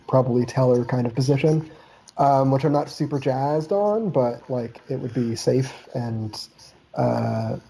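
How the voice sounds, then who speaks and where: A man's voice: medium pitch, gravelly, warm tone, husky, low-quality recording. A man from Canada chatting casually on a podcast, rambling and loose with lots of "like" and offhand swearing. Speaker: podcast co-host. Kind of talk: casual chat.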